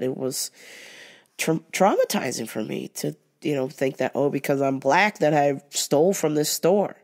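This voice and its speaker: A woman's voice: low voice, sing-song, normal speed, darkish tone. A woman hosting a podcast who tells stories in a candid, blunt way and swears freely. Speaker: podcast host. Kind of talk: casual storytelling.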